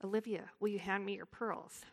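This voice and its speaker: A gentle, loving father from a told story, as a woman puts him on, asking his small daughter quiet, patient questions. His voice is soft and hushed, with a gravelly edge at the bottom. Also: mid-range voice, fairly even intonation, a little fast. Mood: tender.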